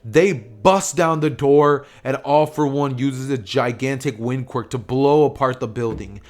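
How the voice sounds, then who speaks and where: A man's voice: medium pitch, a little slow. A young man casually narrating an anime what-if story, rambling with lots of fillers and restarts. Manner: rambling, filler-heavy retelling.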